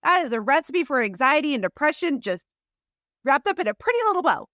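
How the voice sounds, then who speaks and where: A woman co-hosting a casual parenting podcast, reacting quickly and laughing easily, on a close mic. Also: high-pitched, sing-song, a bit bright, no room sound. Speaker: podcast co-host.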